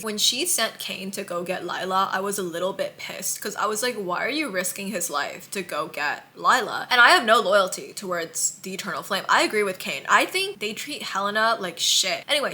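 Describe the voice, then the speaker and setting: A woman's voice: medium pitch, bright, forceful tone, slight background noise. A woman book vlogger chatting casually and emotionally about a novel she is reading. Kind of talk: casual reading-vlog chat.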